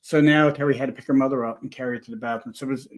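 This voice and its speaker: A man telling a story in a casual chat, rambling and animated, full of restarts. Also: mid-range voice, racing. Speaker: paranormal investigator guest.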